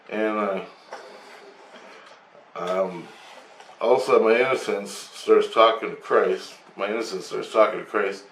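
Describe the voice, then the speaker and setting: A man's voice: fairly low pitch, moderate pace, long pauses, fairly bright tone. A man telling a story in a rambling, repetitive way, with swearing. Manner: rambling, repeats himself, swears. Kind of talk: casual storytelling to camera. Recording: roomy, distant from the mic.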